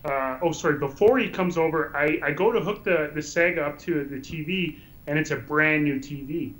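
A man in casual conversation, recounting a story with lots of restarts and filler words. His voice sits a little high and his delivery is animated. He sounds like an enthusiastic podcast guest. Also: normal speed, low-quality recording. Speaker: guest documentary filmmaker.

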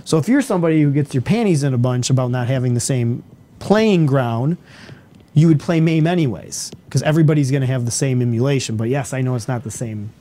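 A man's voice: mid-range voice, fairly quick, mellow. A man hosting a casual gaming podcast, chatty and upbeat. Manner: chatty, upbeat announcer bursts. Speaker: podcast host.

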